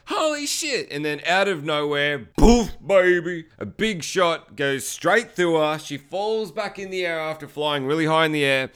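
A man's voice: fairly high pitch, bright, forceful tone, clear, resonant tone. A man giving casual, exasperated commentary while watching a movie, swearing often and acting out the characters' lines. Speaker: movie reaction host.

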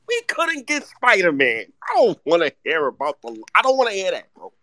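A man's voice: a little high, very animated, brisk, sharp tone, dry recording, studio quality. A man arguing in a heated sports debate, exasperated and profane, repeating himself as he cuts others off. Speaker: sports show panelist.

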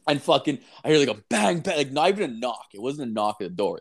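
A man's voice: medium pitch, fast talker, few pauses, husky. Young man, casual co-host, profane rambling storyteller. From Canada. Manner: profane, rambling, heavy filler words; animated, acts out voices in anecdotes.

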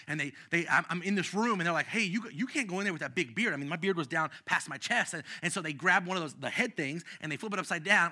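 Bright-voiced, impassioned man preaching. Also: fairly high pitch. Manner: impassioned, swings from shouting to hushed, many restarts. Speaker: pastor. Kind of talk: sermon with personal storytelling.

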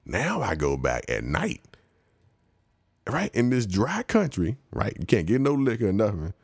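A man casually telling a travel story in a slangy, animated way, laughing often and acting out the people he met. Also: lowish voice, a little slow, vocal fry, dry recording, studio quality. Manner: slangy, conversational.

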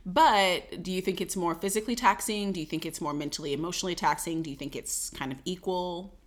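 A woman interviewing a guest in a casual chat, asking friendly questions with animated asides and laughs. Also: fairly low pitch, brisk.

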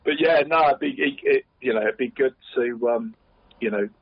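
A chatty man co-hosting a local podcast, peppering his talk with friendly asides. His voice is husky and he laughs easily. The sound is thin and tinny, as if over a phone. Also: mid-range voice, moderate pace, dry recording. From Cornwall. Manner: chatty, says "mate" constantly, laughs often. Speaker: podcast co-host. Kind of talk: casual chat.

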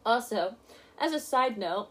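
A woman's voice: on the high side, lively intonation, a little slow, a bit bright, a little hiss or hum. Woman in her twenties, podcast co-host, joking casual chat. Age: 20s. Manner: playful, jokey listener.

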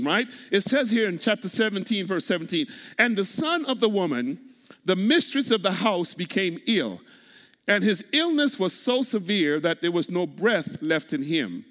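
High-voiced preaching man in an echoing church. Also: a bit bright. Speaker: pastor. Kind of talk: sermon. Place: church sanctuary. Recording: long hall reverb.

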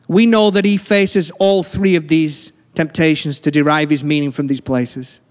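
A man preaching a sermon as pastor, earnest and slowing down to stress key lines. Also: high voice. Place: church sanctuary. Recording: long church hall reverb.

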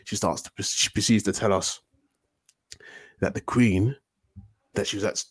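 A young man with a low, husky voice tells a rambling story as a podcast guest. He swears freely, drops slang and keeps restarting his sentences. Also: fairly even intonation, unhurried, dry recording. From United Kingdom. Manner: rambling, profane, slangy, with many self-corrections. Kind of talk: casual storytelling.

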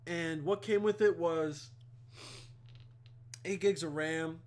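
High-voiced, profane young podcast guy. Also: takes it slowly, darkish tone. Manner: rambling and heavily profane, with many fillers. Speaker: podcast host. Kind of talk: casual storytelling monologue.

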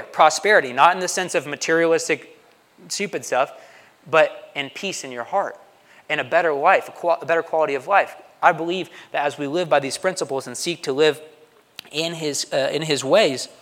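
He sounds on the high side and a bit bright. The man, a pastor, keeps his sermon conversational, checking in with the congregation through repeated "right?" questions, all within the long reverb of a large hall.

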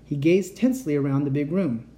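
A storyteller reading a children's book aloud as a bedtime story, with an expressive, animated delivery. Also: mid-range voice, brisk.

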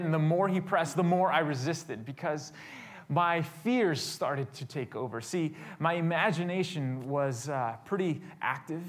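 Animated man preaching with stories. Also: a little high. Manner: animated, swings from loud to hushed. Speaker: pastor. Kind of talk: storytelling sermon.

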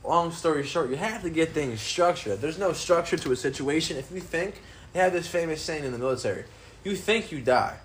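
A man's voice: a little high, lively intonation, brisk, slight background noise. Loose, profane podcast host man. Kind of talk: casual podcast chat. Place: apartment room.

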